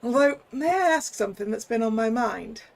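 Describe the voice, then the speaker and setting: A streamer voicing a polite young male detective with a put-on northern English accent, a bit gravelly. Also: very high voice, lively intonation, brisk, full character voice. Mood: earnest. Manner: earnest, polite. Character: young male detective newly arrived from Manchester.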